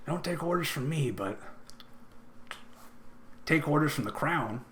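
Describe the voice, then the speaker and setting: A man's voice: a little high, expressive, unhurried, fairly bright tone, slight background noise, voice pushed up. Man playing scheming older nobleman, smug, silky, lifted voice, tabletop game.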